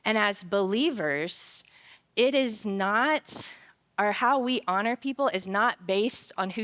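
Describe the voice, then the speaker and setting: A woman speaking at a conference, giving a faith-based talk on work, telling personal stories with humor before turning earnest and reflective. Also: medium pitch. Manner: storytelling, lively personal anecdotes told with humor; earnest and reflective when drawing the lesson. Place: conference stage.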